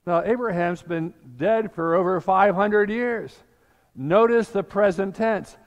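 A man's voice: sits high, unhurried, lo-fi sound. An older man preaching a sermon as pastor, telling the scripture story and acting out the voices in it. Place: church sanctuary. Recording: long church reverb.

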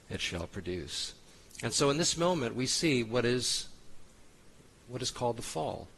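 A man's voice: lowish voice, a bit bright, slightly rough, rough recording. A man preaching as a pastor, reading scripture aloud and breaking off into conversational asides.

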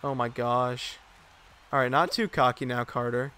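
A young man streaming a game live, giving excitable commentary full of profane trash talk. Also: medium pitch, unhurried, clean tone, no echo.

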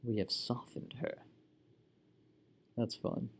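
A gaming channel host speaks slowly over a recording with a little hiss or hum. He gives casual let's-play commentary while playing, chatty and reacting constantly with sudden exclamations.

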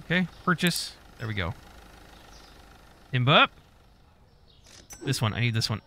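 A man's voice: mid-range voice, sing-song, a little slow, vocal fry, sharp tone. A man giving casual, profane gameplay commentary, mock-scolding customers and staff as he plays. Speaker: gaming YouTuber.

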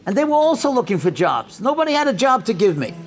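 An older man tells stories at a religious event, acting out each person's lines. His voice sits high for a man and jumps all over the place, rising and dropping with every character he plays. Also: fast. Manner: animated storyteller who acts out dialogue. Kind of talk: storytelling talk.

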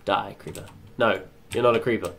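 A young man doing excitable let's play commentary, chattering to himself and swearing often. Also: lowish voice, a little fast, gravelly, a little hiss or hum. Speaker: gaming channel host.

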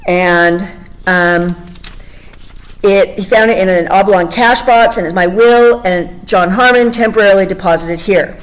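A woman's voice: mid-range voice, unhurried, poor audio. A woman talking through a novel in a casual way, reading passages aloud and explaining them with many fillers. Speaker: literature discussion host. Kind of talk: casual book discussion with read-aloud passages.

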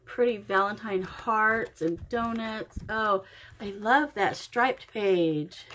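A woman's voice: medium pitch, slow pace, fairly bright tone. A middle-aged woman from Oklahoma gushing over craft supplies in an unboxing vlog, exclaiming often. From Oklahoma, USA. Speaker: crafting vlogger. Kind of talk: happy mail unboxing vlog.

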